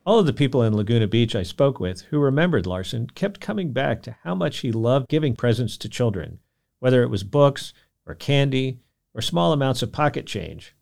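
A man hosting a podcast, telling a history story in scripted documentary narration with an expressive delivery. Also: mid-range voice, normal speed, vocal fry. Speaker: podcast host.

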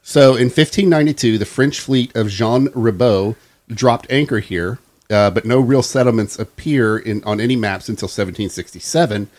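A young man co-hosting a casual podcast, reading out a local legend in a relaxed way and laughing often. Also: medium pitch, normal speed. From Florida. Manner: laid-back, laughs often. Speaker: podcast co-host.

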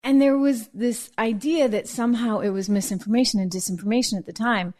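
A woman hosting a political commentary show, telling stories in a chatty, animated way. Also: a little high, a little fast. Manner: chatty, animated storytelling with laughs. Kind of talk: casual news commentary.

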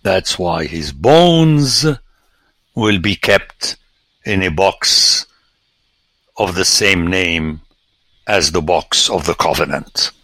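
A man, a priest, giving a lecture on scripture with animated, theatrical emphasis and sudden exclamations. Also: sits low, takes it slowly, pauses often, no echo.

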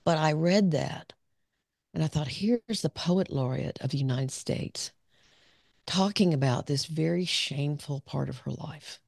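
Speaking a little slowly in a deep, creaky voice with a darkish tone, the woman psychologist tells her story candidly as an interview guest, often breaking into laughter. The recording is dry and studio quality.

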